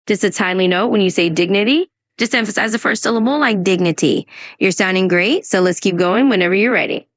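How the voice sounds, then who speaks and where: A woman's voice: mid-range voice, quick pace, few pauses, dry recording. A synthetic woman's voice acting as an AI English tutor, upbeat and encouraging as she answers questions and gives pronunciation tips. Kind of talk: scripted conversation practice.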